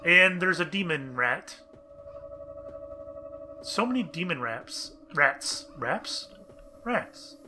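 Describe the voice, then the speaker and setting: A man's voice: on the high side, sing-song, slow, pauses often, background noise. A young man casually commenting on a game for viewers, chatty and bemused, reading on-screen text aloud. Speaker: let's play gamer.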